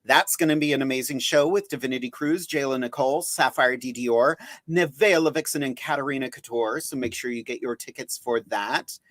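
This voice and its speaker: A man's voice: medium pitch, a little fast, few pauses, fairly bright tone, no room sound. A man hosting a live drag chat show, bubbly and campy, running through show plugs and greeting viewers. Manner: bubbly, promo-heavy, campy banter. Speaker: drag podcast host.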